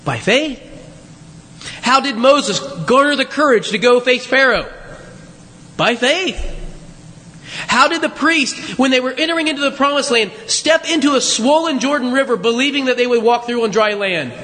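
Male pastor, very high voice, sermon, chatty rhetorical questions, long church reverb. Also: animated, normal speed, pushed and bright. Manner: conversational, frequent rhetorical questions and asides. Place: church sanctuary. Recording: long reverb of a large hall.

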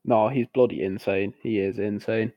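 A man's voice: fairly low pitch, normal speed, dry recording. Irish young man telling a story. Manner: animated storyteller, laughs often. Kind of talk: casual chat. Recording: dull dry recording.

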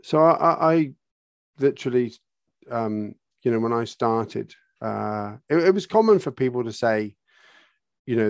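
Gravelly man explaining eagerly. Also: medium pitch, a little slow, no echo. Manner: animated, explains by acting out dialogue. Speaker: horse trainer. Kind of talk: podcast interview answers.

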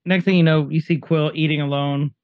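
A man co-hosts a casual podcast, chatting eagerly about scenes he loved in a movie. His voice is a touch higher than most men's. The sound is dry and somewhat dull. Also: steady tone, a little fast, no room sound. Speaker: podcast co-host. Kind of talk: casual movie recap chat.

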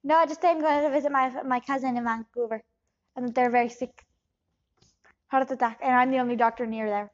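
A woman improvising a shady quack doctor, high-pitched and evasive. She rambles with many pauses and slides between put-on accents. The sound is dull and lo-fi. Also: fairly even intonation, close to an everyday voice. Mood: boastful. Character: shady scam doctor with shifting fake accents. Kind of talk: improv comedy scene.

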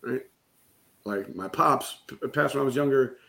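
A man's voice: medium pitch, moderate pace, vocal fry, pushed and bright. A middle-aged man in a conversation, telling an emotional personal story in a candid way and often checking in with "right?". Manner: candid, keeps saying "right?". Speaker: guest, business coach.

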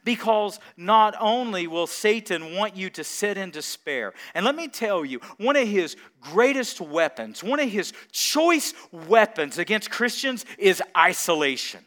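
A man's voice: high voice, big pitch swings, measured pace, hardly any pauses, a bit bright. A man preaching a sermon as pastor, building to emphatic repeated phrases and chuckling between points.

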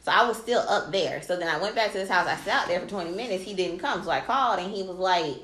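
A woman co-hosting a podcast, telling a long story in casual chat, animated and swearing freely as she quotes people. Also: fairly low pitch, fast talker. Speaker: podcast co-host. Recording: echoey room with faint noise.

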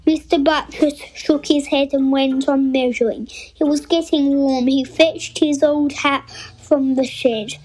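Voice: high voice, steady tone, measured pace, darkish tone, rough recording. A child reading a storybook aloud carefully, with small slips and self-corrections. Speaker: reader.

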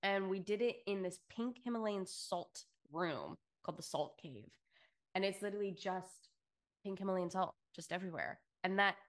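A woman's voice: mid-range voice, fairly bright tone. Effusive, swearing woman podcast co-host. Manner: effusive, swears freely, many fillers. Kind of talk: casual chat.

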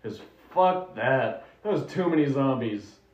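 A man playing a tabletop game in a gruff, low put-on voice, chatting casually. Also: lively intonation, unhurried. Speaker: player. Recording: roomy, dull sound with faint music.

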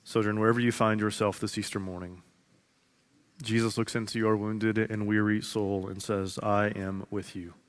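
A man in his thirties preaching a sermon to his congregation, earnest, repeating phrases slowly for emphasis and dropping from loud to hushed. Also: fairly low pitch, level tone. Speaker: pastor. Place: large church sanctuary. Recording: long reverb of a large hall.

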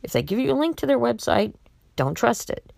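A woman's voice: fairly high pitch, big pitch swings, a little fast, gravelly, darkish tone, no room sound. A woman talking casually to her viewers with a blunt, exasperated and outspoken manner. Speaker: vlogger warning about scams. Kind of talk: casual monologue to camera.

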